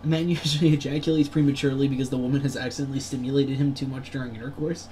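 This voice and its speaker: A man in the middle of a casual let's play session, reading quiz questions out loud and swearing at the game. His voice sits at an ordinary pitch, and he keeps up a joking, crude banter throughout. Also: flat delivery, very fast, a little hiss or hum. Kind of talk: casual gameplay commentary.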